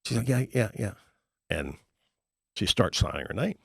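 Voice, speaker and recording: A middle-aged man with a very deep, gravelly voice tells stories in a podcast interview. He acts out the voices of the people he talks about in a folksy way. The recording is close and dry. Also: moderate pace, no echo. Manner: folksy, animated storyteller acting out dialogue. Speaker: guest, real estate investor and author.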